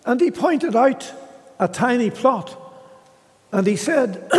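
A man delivers a sermon in a high, lively voice that rises and falls widely. He speaks slowly, in short measured phrases with dramatic pauses, and his words ring through a hall with long reverb. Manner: slow, measured preaching with dramatic pauses, voicing scripture quotes. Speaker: preacher.

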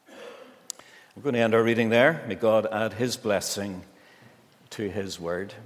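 A male pastor reading scripture and preaching a sermon in a church, measured with slow, emphatic pauses. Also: fairly low pitch, in a large hall.

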